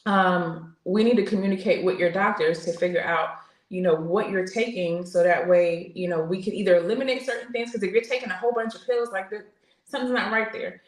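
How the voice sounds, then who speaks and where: This podcast guest, a veteran in her forties, talks a little fast in a steady, mid-range voice. Her candid conversational storytelling is earnest and open, with many fillers and restarts, recorded with roomy echo.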